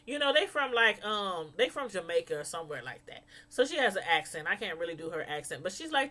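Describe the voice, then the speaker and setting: Chatty bright-voiced woman vlogger. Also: mid-range voice, sing-song, fast talker, hardly any pauses. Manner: chatty, laughs a lot, mimics people in quotes. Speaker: vlogger reviewing a reality show. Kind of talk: casual chat to viewers.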